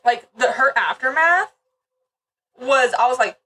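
A woman's voice: high voice, lively intonation, a little slow, pushed and bright, distant mic, poor audio. A woman co-hosting a podcast in casual chat, blunt and swearing freely, with rambling asides. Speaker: podcast co-host.

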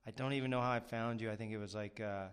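A man's voice: on the low side, fairly even intonation, fast, clean tone. A man hosting a podcast interview, rambling casually with lots of fillers and self-deprecating asides. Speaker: podcast host.

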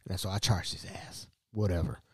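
A man hosting a podcast, telling a workplace story in an animated, slangy way and acting out the dialogue. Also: deep voice, moderate pace, slightly rough, dry recording. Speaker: podcast host.

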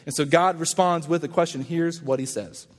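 A man pastor giving a casual, conversational sermon and acting out quoted lines in lively voices. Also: fairly high pitch, moderate pace, long reverb tail.

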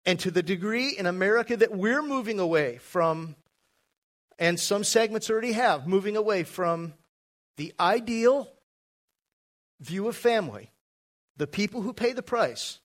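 Slow, emphatic male preacher. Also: high voice, expressive. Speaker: pastor. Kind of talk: sermon.

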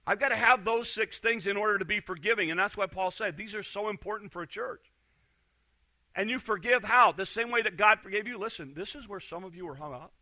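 A man preaching a sermon as pastor, swinging between loud, emphatic stretches and quiet, intense ones, with frequent restarts. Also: high voice, fairly quick.

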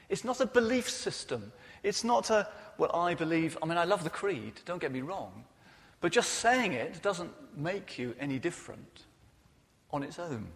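Guy preaching in church, pretty high voice that jumps around a lot, earnest, long echo trailing off. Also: unhurried. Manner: earnest, personal, expressive preaching. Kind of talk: sermon. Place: church hall. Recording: reverberant church hall.

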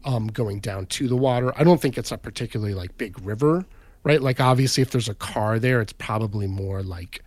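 A man's voice: medium pitch, fairly quick, a little mellow, dry recording. A man casually retelling a story on a podcast, rambling, with lots of "like" and "right?" fillers. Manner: rambling, filler-heavy, says "right?" and "like" often.

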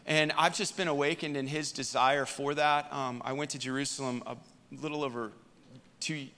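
A man's voice: mid-range voice, steady tone, normal speed, pushed and bright. A male pastor telling a testimony from the pulpit, easygoing and chatty, with a middling voice. His voice carries a long reverb tail from a large church auditorium. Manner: conversational storytelling with fillers. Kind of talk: sermon testimony. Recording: reverberant hall.

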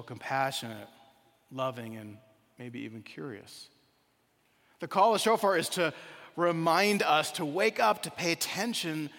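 A man's voice: mid-range voice, fairly bright tone, big-room sound. A man giving a sermon as a rabbi, telling a story and then reflecting on it earnestly.

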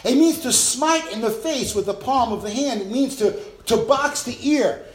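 A man's voice: very high-pitched, moderate pace, echoey room. A male preacher delivering a sermon with emphatic bursts and acted-out sounds.

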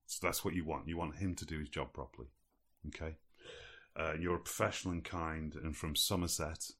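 A man's voice: rumbling low, steady tone, a little fast, fairly bright tone. A man casually setting up an improvisation scene, giving instructions. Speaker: host running improvisation. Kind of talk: casual chat.

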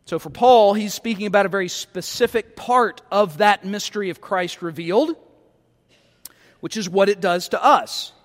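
Man, pastor, high voice, animated sermon, rhetorical questions, long hall reverb. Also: moderate pace. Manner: animated preaching with rhetorical questions and emphatic repeats.

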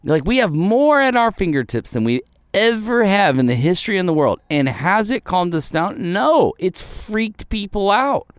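A man's voice: sits high, very animated, moderate pace, hardly any pauses, smooth, dry recording. A man giving a devotional sermon as a pastor, earnest and conversational, full of "like" and asides. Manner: earnest and conversational, peppered with "like", voicing Jesus in asides.

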